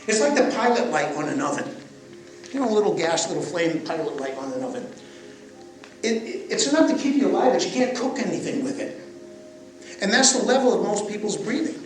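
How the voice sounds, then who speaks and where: An older man teaching breathing to a live audience, animated as he guides them through each breath. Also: on the high side, brisk, slight background noise. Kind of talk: live workshop talk to an audience. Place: live event venue. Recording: echoey event space, mic from far off.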